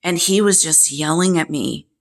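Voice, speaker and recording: A woman's voice: low-pitched, normal speed. A woman hosting a personal vlog, telling a painful family story in a candid, exasperated way and now and then speaking straight to the father she talks about. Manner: candid, exasperated, directly addresses her absent father. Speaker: vlog host. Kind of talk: casual personal storytelling to camera.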